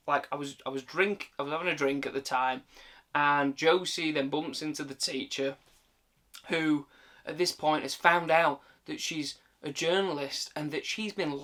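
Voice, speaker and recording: A man's voice: fairly high pitch, bright, forceful tone. A British man giving a casual, exasperated film rant, full of swearing and filler words. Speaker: film reviewer. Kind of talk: casual ranting commentary.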